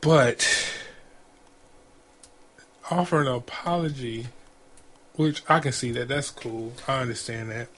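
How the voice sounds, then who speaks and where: A man co-hosting a relaxed podcast conversation. He talks loosely, in slang, circling back and repeating himself as he makes his point. His voice sits at an ordinary middle pitch. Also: takes it slowly, pauses often. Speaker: podcast co-host. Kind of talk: casual chat.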